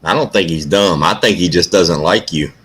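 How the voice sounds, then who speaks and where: Low-voiced man hosting a stream, noisy line. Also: moderate pace, fairly bright tone. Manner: laid-back, joking. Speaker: stream host. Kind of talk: casual group chat on a live stream. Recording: noisy voice-call audio.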